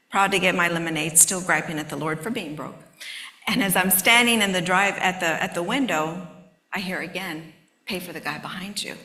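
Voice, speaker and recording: A woman's voice: lowish voice, pushed and bright. A woman in her fifties, a conference speaker candidly telling a personal testimony, close to tears at times. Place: large conference hall. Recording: echoey hall.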